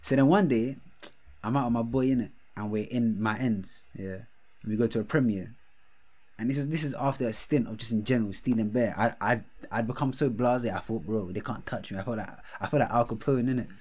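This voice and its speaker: A young man, telling a story in casual chat, animated, with laughter and heavy slang. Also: medium pitch, fairly quick. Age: young adult.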